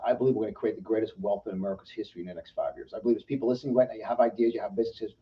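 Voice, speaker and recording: New york guy preaching motivation fast, keeps repeating himself, far off dull mic. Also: on the low side, fairly even intonation. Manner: emphatic, preachy, repeats phrases. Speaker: guest. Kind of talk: motivational interview talk. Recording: distant dull mic, faint noise.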